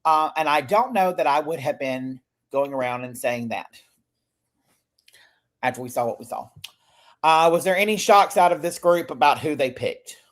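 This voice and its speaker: A man's voice: on the high side, expressive, normal speed. A man hosting a casual recap podcast, chatty, swearing casually and often laughing as he talks. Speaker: podcast host.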